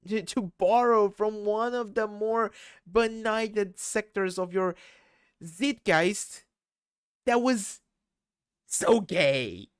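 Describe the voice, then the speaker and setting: A man's voice: sits high, slow pace, clean tone, dry recording, studio quality. A man voicing a laid-back, sardonic teen boy who mocks and swears. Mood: mocking. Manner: mocking, profane, deadpan jabs.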